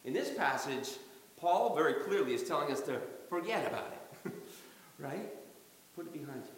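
A man preaches a sermon from the front of a church, his voice sitting a little high for a man. He is animated, acting out quotes and chuckling often as he goes. The sound carries a heavy, lingering hall reverb from the sanctuary. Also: normal speed. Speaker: pastor. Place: church sanctuary during a service.

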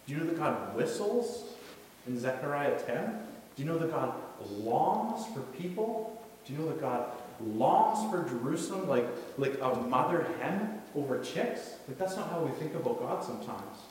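A man preaches in a relaxed, conversational way, acting out the people in his stories. His voice rings through a large, echoing hall and is picked up from some distance. There is a faint hiss in the background. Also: fairly high pitch, moderate pace. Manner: casual, storytelling, acts out quotes. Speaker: youth pastor. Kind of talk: sermon. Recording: echoey hall, distant mic, faint noise.

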